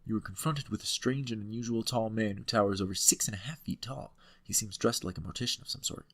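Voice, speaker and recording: A man's voice: on the low side, fast talker. Playful man narrating a game. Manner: playful and animated, hamming up the game text. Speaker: let's-play host. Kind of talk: game commentary and reading game text aloud.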